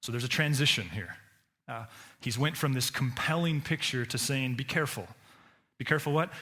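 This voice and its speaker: A man preaching a sermon as pastor, in a conversational way with many restarts and repeated words. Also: sharp tone. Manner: acts out quoted voices with sudden pitch jumps.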